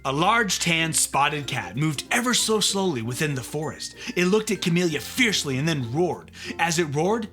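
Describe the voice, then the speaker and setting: A narrator reading a children's storybook aloud. The delivery is expressive, moving freely up and down in pitch. The tone is bright. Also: moderate pace, few pauses, soft background music.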